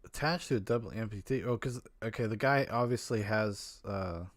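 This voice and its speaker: A man's voice: on the low side, normal speed, no room sound. A man hosting a casual live stream, reacting to a video in a rambling, self-interrupting way and swearing offhandedly. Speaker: podcast host streaming a watch-along.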